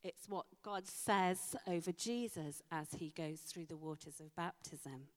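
A woman preaching a sermon, slow and emphatic with dramatic pauses. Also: fairly low pitch. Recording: long hall reverb.

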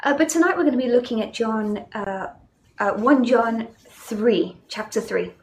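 A woman's voice: a little high, normal speed, a little hiss or hum. A young woman with a South African accent preaching a sermon in a conversational, storytelling way, with many fillers.

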